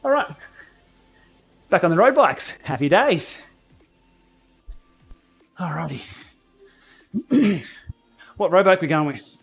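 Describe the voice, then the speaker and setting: A man hosting a casual cycling livestream from his home training room, blunt and outspoken, quick to laugh. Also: high voice, sing-song, breathy edge, faint music behind. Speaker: cycling YouTuber and livestream host. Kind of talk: casual livestream chat while riding.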